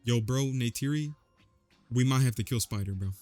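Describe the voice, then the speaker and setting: A man's voice: mid-range voice, normal speed, darkish tone, no room sound, soft background music, lightly acted. A man quoting a grim, blunt father figure in a slangy retelling.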